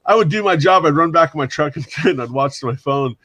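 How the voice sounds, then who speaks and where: A man in his forties telling animated stories in casual chat, often mimicking others and laughing. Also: fairly high pitch, a little fast, no room sound.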